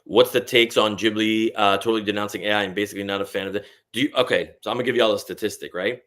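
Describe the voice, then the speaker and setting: A man's voice: lowish voice, fairly even intonation, racing, a bit bright. A man guest in a casual chat over a meal, talking emphatically with swearing and rhetorical asides.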